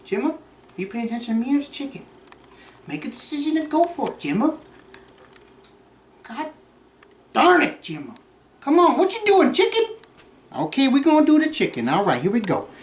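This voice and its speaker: A man playing a folksy redneck cooking-show host, boastful and bossing his cameraman around in a home kitchen. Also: extremely high pitch. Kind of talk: comic cooking demonstration. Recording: roomy kitchen echo.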